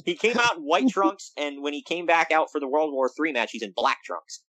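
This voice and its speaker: A man talks briskly on a low-quality, dry-sounding recording. Co-hosting a casual podcast, he recaps wrestling in an animated, jokey way, swinging his pitch widely for emphasis.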